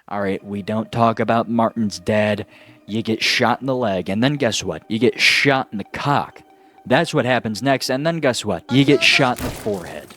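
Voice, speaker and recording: A man hosting a casual horror movie review, excitable and jokey with sarcastic asides. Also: mid-range voice.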